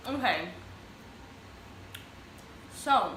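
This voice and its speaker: Her voice is lowish and a bit bright, very animated but a little slow, with long pauses, as this young woman chats while eating for a home mukbang video. Sound comes from the camera mic, with room echo and faint ambient noise.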